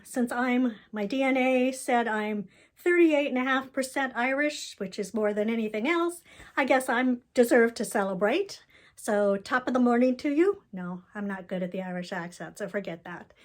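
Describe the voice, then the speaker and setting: A woman's voice: a little high, moderate pace. A woman giving a candid, rambling personal video update about her family, telling the story with emotion.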